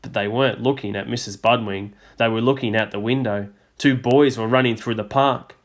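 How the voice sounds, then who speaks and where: A man teacher reading a storybook aloud to a class, measured and expressive. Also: medium pitch.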